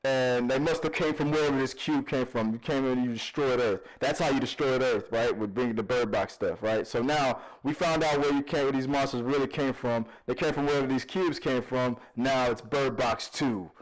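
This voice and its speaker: A man's voice: mid-range voice, moderate pace, hardly any pauses, rough recording. A man hosting a casual vlog, reading viewer comments aloud with jokes, laughter and frequent stammered repeats. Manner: animated, laughing, jokey, self-deprecating.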